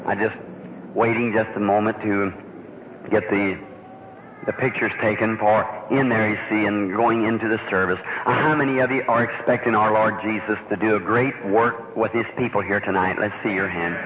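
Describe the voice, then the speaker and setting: Man, evangelist preacher, folksy, fervent, church sermon, phone-thin old recording, clear hiss. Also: lowish voice, fairly even intonation, moderate pace, phone-quality sound. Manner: folksy, fervent, often asks the crowd to agree. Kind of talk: sermon to a live congregation. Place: church hall during a service.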